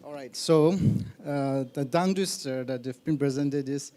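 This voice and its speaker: A teacher, reading a tongue twister slowly at an event. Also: mid-range voice, mellow.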